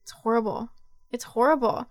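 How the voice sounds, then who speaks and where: Halting woman in casual chat. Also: fairly high pitch, dry recording, clean studio sound. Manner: reactive, halting, lots of fillers.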